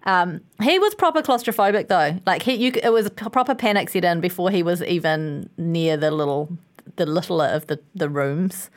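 A woman's voice: animated, moderate pace. Rambling woman co-hosting a chat podcast. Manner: rambling, restarts and trails off into lower asides. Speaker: podcast co-host. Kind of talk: casual chat recap.

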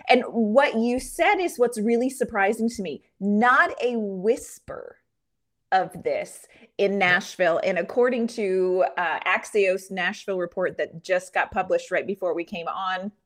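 A woman co-hosting a casual sports podcast, talking in an animated way with quick asides. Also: medium pitch. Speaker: podcast co-host.

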